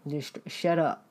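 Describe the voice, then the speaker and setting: A woman preaching bluntly and emphatically, repeating her point. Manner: blunt, emphatic, repetitive, laughs often.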